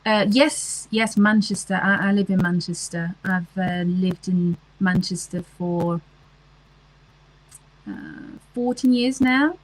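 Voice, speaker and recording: A woman's voice: fairly low pitch, takes it slowly, poor audio. A woman, chatting casually on a livestream and answering comments, with lots of ums and restarts. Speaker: livestream host.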